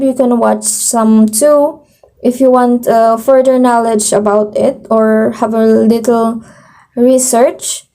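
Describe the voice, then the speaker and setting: A woman's voice: a little high, mellow. A young woman with a Filipino accent giving a class report, mixing English and Tagalog, hesitant, with many fillers and self-corrections. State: slightly strained voice.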